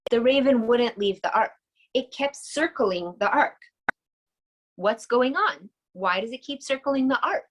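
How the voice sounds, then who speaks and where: A woman's voice: fairly high pitch, animated, a little slow, poor audio. Chatty woman teaching online. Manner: enthusiastic, chatty, asks the audience questions. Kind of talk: casual online lesson.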